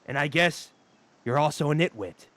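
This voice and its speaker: A man's voice: fairly high pitch, lively intonation, normal speed, fairly bright tone, no room sound. A man voicing a blunt, scornful killer in a dating game, talking down to the player.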